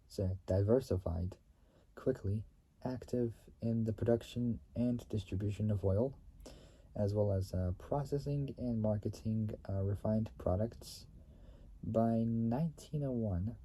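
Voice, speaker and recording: A man reading company history aloud in a halting way. He stumbles, repeats and restates phrases, and often clears his throat. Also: fairly low pitch, dark tone.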